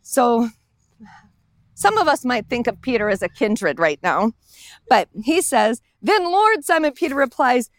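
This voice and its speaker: A woman's voice: a little high, sing-song, measured pace, no room sound, studio quality. A woman pastor giving a conversational sermon outdoors in a park, acting out the lines of the characters in the story as she goes.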